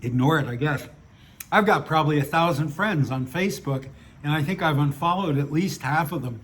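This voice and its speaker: A man's voice: on the high side, brisk. A man reading his own stories aloud and chatting between them, with dry, wry humor and a grumbling edge. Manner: opinionated grumbling. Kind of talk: casual monologue and story reading.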